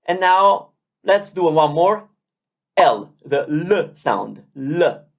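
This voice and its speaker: A language teacher giving a beginner lesson, drilling syllables slowly and encouraging learners. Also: medium pitch, lively intonation.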